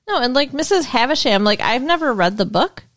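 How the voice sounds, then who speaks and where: Podcast co-host, female, fairly high voice, excitable and giggly. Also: fairly quick. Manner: laughs often, excitable. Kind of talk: casual chat.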